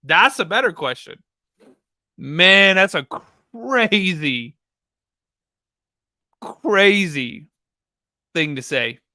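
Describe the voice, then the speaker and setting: Animated low-voiced woman reacting live. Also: very slow, pauses often, no room sound, studio quality. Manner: incredulous, animated. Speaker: live-stream host.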